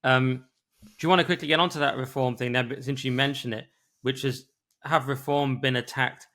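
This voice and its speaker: A tired man co-hosting a podcast, rambling quickly through his thoughts in casual talk. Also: medium pitch, fairly even intonation, sharp tone. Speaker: podcast co-host. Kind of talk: casual political discussion.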